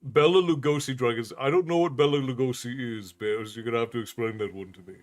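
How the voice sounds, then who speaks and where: A man from New York City chats casually with his stream's viewers, reading their comments aloud and laughing often. His voice sits at a middle pitch for a man. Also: fast talker. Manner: chatty, laughs often, reads chat aloud.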